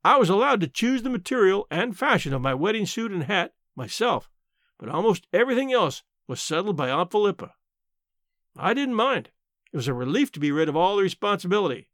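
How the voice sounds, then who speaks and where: High-voiced male story reader. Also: sing-song, brisk, fairly bright tone, no echo, studio quality. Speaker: narrator. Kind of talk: reading a short story aloud.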